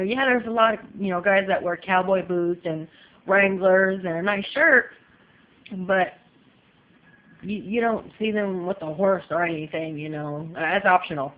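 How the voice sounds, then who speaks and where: Chatty woman on dull lo-fi audio. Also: medium pitch. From California. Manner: chatty, emphatic, leans on "you know". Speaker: vlogger. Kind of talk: casual opinion vlog. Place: home in Texas.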